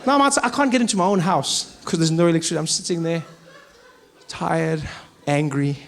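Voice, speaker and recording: A South African man doing stand-up comedy on stage, animated and acting out voices, swinging from loud to low. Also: fairly quick, creaky, a faint crowd. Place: large arena on stage.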